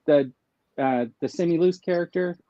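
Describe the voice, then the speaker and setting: A man speaking as a guest on a casual livestream, his talk rambling and full of fillers. His voice is mellow and dark, and it comes through dull and lo-fi in a dry space. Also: fairly high pitch, normal speed, dry recording. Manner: rambling, many fillers, laughs easily.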